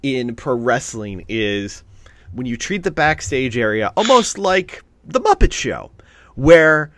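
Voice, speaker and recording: A man co-hosting a podcast in casual chat, talking with excitement and swearing freely. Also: medium pitch, slow pace. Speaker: podcast co-host.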